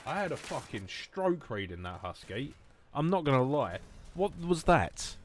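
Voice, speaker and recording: A gaming streamer from England, speaking with an Essex accent, talks at normal speed in a medium-pitched voice with big pitch swings. He jokes, swears and rambles through casual livestream commentary on a shooter, gunfire sounding behind him.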